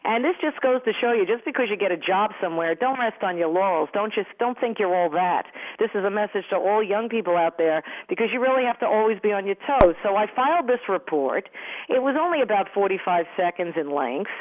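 A chatty middle-aged woman with a thick Long Island New York accent tells her story as an interview guest. She talks in an animated flow and keeps slipping into a giggling laugh. Her voice comes through a narrow, tinny phone line. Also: medium pitch, fairly quick. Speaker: sportscaster guest. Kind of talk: casual interview answers. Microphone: telephone.

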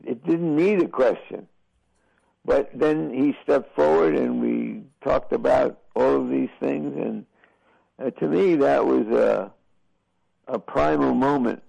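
An older man, a boxing broadcaster, answering interview questions in a slow, halting, reflective way with many fillers. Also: medium pitch, gravelly, warm tone, no room sound, poor audio.

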